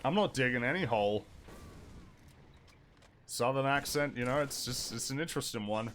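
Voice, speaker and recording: A man's voice: medium pitch, moderate pace, fairly bright tone, slight background noise. An Australian man streaming a game, chatting in a rambling, hesitant and wry way. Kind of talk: casual chat while gaming.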